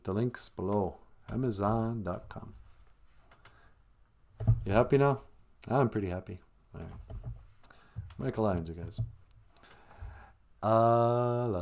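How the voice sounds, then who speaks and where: A man from Minnesota hosting a comedic live stream, rambling and halting with a dry, self-mocking humor. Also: medium pitch, gravelly, a little mellow. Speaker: host of a language comedy show.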